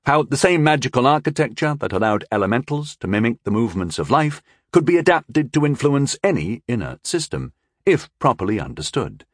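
Expressive male audiobook narrator. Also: mid-range voice, fairly quick, no room sound, studio quality. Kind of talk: scripted fantasy narration.

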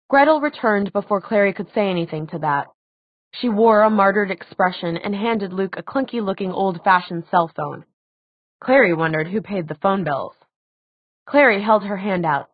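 A woman narrating an audiobook in a measured, even storytelling manner. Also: medium pitch, no room sound, phone-quality sound.

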